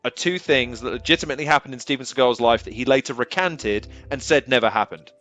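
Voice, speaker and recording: A man, an interview guest, telling rambling, animated stories in casual chat and laughing often. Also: mid-range voice, fast talker, dull audio.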